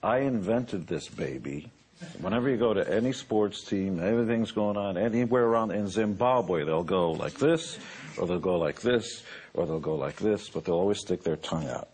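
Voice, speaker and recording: A man's voice: low voice, lively intonation, moderate pace, a little mellow. A man in his sixties, a musician turned businessman, giving a boastful, joking motivational talk. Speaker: musician and entrepreneur.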